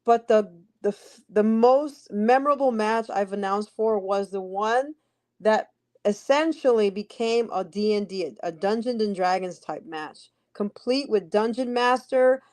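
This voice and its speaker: A woman from New Jersey, a ring announcer appearing as a podcast guest, speaks at medium pitch, a little slow and slightly mellow. In casual interview chat she tells stories, restarting her sentences often.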